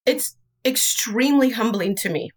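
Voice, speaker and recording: A woman's voice: a little high, moderate pace, far from the mic. A woman who directs a dance studio, telling her story as an interview guest in an earnest, emotional way. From Idaho.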